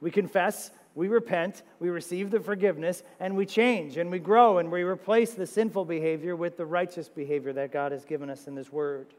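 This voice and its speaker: Guy preaching in a big echoey church, kinda high voice, animated, lots of questions and loud bursts. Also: brisk, few pauses. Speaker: pastor. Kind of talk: sermon. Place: church sanctuary. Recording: long reverb of a church sanctuary.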